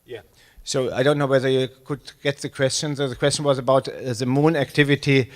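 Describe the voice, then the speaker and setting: A man's voice: mid-range voice, fairly even intonation, a little fast. A man in his sixties from Germany with a German accent, speaking English at a live public talk as a space agency director, with many fillers and restarts. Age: 60s. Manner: hesitant, many fillers, self-deprecating.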